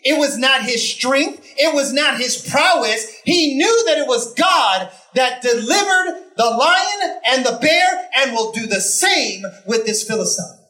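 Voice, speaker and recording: Animated preacher telling a story. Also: sits high, a little slow, few pauses. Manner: animated storytelling with rhetorical questions; emphatic, repeats phrases for effect. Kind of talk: conversational sermon.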